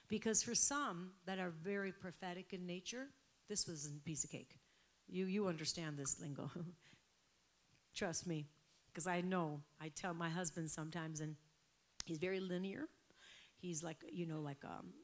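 A woman in her fifties preaching a sermon, animated and laughing, moving between soft whispered prayer and loud exclamations. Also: on the low side. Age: 50s.

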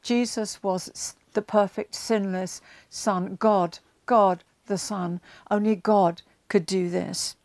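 A woman's voice: medium pitch, fairly even intonation, slow, few pauses, darkish tone, dry recording. A woman giving a conversational Bible teaching to camera, with chatty asides and frequent ums, growing emphatic as she retells scenes.

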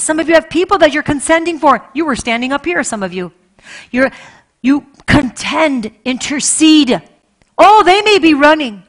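A woman pastor preaching a sermon with passion, repeating phrases and swinging between loud emphasis and hushed asides. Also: on the high side.

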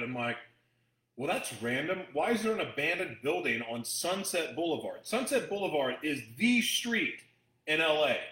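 A man's voice: on the high side, bright, forceful tone, reverberant, poor audio. A man hosting a talk, chatting to his audience in a rambling, emotional way with frequent restarts. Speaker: host addressing an audience. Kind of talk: casual storytelling talk.

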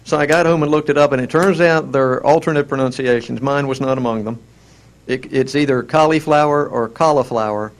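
A co-host with a Southern American accent takes part in a casual chat, wry and self-mocking, restarting often. His voice is mid-range and steady, and he talks briskly.

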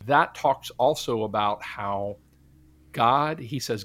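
A man's voice: medium pitch, slow, a bit bright, no echo. A man giving a testimony in an interview, earnest and preacherly, often quoting scripture. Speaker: guest, Christian minister.

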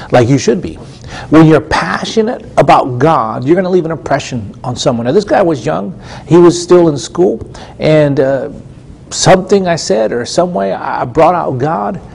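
Gravelly and husky, with a fairly high pitch and darkish tone, a middle-aged man preaches on the Christian TV show he hosts. His sermon teaching is conversational and earnest, marked by repeated phrases and many restarts.

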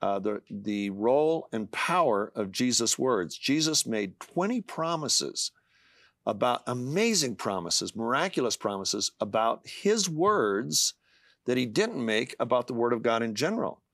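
A man's voice: mid-range voice, very animated, a little slow, a bit bright, no echo. An older man, an author being interviewed, speaking earnestly and reading scripture aloud with passion. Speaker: author guest.

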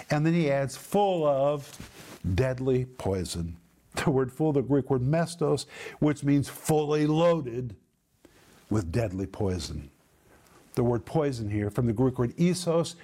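A middle-aged man teaching from the Bible on a TV program, slow and emphatic, dropping low at the ends of verses. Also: darkish tone.

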